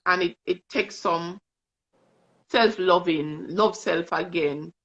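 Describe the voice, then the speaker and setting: A woman's voice: fairly low pitch, takes it slowly, fairly bright tone. A woman with a Jamaican accent, a guest telling earnest, emotional stories in casual chat. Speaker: guest, vision board coach. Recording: dull lo-fi stream audio.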